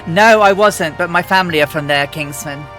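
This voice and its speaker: A man's voice: on the high side, moderate pace, fairly bright tone, soft background music. A man from England, chatting casually as a livestream host, rambling with lots of fillers and restarts. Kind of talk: casual chat.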